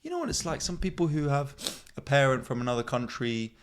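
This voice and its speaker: A man's voice: medium pitch, very animated, brisk, clear, resonant tone. A man in his thirties hosting a comedy podcast, rambling in a self-mocking way and swearing freely. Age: 30s. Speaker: podcast host. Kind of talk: casual comedic monologue.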